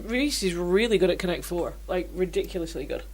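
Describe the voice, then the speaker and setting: A woman, co-hosting a casual chat podcast and telling animated, laughing stories. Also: on the low side, fairly quick, slight background noise. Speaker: podcast co-host.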